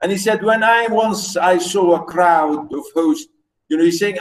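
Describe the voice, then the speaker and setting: A male lecturer teaching poetry in a classroom, talking slowly and repeating himself with many fillers and restarts. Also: high-pitched, poor audio.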